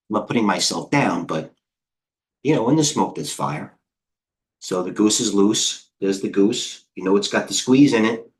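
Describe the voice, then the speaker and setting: A middle-aged American man hosting a live trading stream, excitable and rambling, jumping between stocks with quick quips. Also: on the low side. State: out of breath. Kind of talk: live market commentary.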